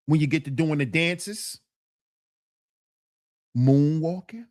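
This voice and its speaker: Woman streamer, mocking rant, slow drawn-out delivery, higher pitch, dry sound. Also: no echo. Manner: animated, repetitive, laughing, mocking. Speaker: livestream host. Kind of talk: casual ranting commentary.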